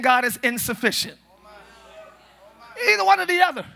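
A male pastor preaching a lively sermon in a church, animated and joking, breaking into shouts. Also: very high voice, moderate pace, creaky, long pauses. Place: church service. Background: congregation responding.

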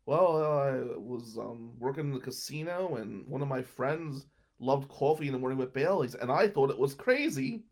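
A man's voice: mid-range voice, animated, moderate pace, a little mellow. A young man telling a rambling personal anecdote and laughing between lines. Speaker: storyteller. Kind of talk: casual anecdote.

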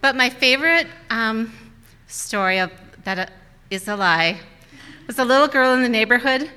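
A woman telling a story on stage in a blunt, chatty way with halting starts. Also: fairly high pitch, animated, pushed and bright, clean tone. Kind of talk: live personal storytelling. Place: stage at a live storytelling event. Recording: reverberant hall.

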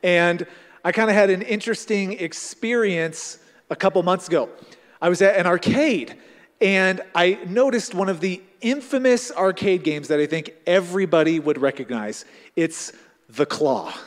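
A man's voice: high voice, moderate pace. A male pastor giving a conversational, storytelling sermon to a congregation. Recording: long hall reverb.

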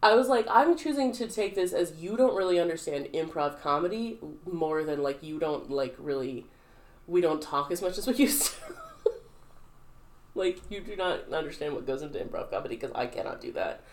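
Young woman, podcast co-host, rambling casual storyteller, lowish voice, lots of fillers. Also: animated, moderate pace, a little mellow, slight background noise. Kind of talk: casual chat.

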